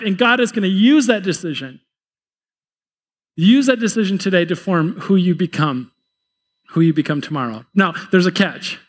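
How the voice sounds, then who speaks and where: A man's voice: high voice, normal speed, big-room sound. A man preaching a sermon in a church, conversational and repeating words as he builds his points. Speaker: pastor. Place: church sanctuary.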